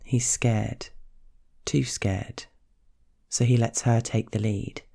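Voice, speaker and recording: A man narrating a scripted story in a slow, hushed, measured way. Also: medium pitch, steady tone, vocal fry.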